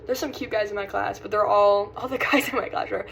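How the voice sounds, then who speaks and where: A woman's voice: mid-range voice, steady tone, a little fast, creaky, a bit bright, slight background noise, poor audio. A young woman from South Carolina with a light Southern accent, chatting casually in a vlog, rambling and often losing her train of thought. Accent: Southern American. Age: young adult. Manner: rambling, distracted, sighing. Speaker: vlogger. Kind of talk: casual chat.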